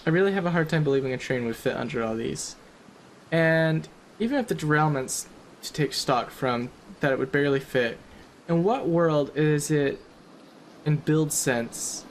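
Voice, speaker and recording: A man's voice: on the high side, slight background noise. A man giving casual, rambling commentary over a survival game, chatty and self-deprecating.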